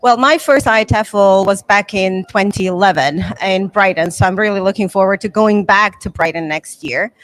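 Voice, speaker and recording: A woman's voice: mid-range voice, moderate pace, hardly any pauses, a bit bright. A woman in her forties from Bosnia and Herzegovina, a new association president giving an earnest conference interview.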